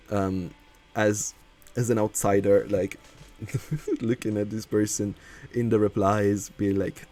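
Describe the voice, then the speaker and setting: A man's voice: lowish voice, darkish tone. A man who is not a native English speaker chats casually as a streamer while building in a game, laughing often and reading chat aloud.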